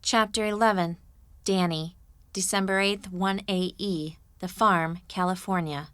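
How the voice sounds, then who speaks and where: Unhurried, smooth narration from a woman with a lowish voice, recorded close and dry in the studio. She reads in a measured, even first-person style. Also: no echo. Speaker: audiobook narrator.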